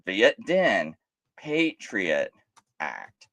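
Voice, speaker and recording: Animated man ranting live. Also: deep voice, very slow. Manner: animated and rhetorical, with frequent restarts and mocking quoted voices. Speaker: live stream host. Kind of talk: impassioned live commentary.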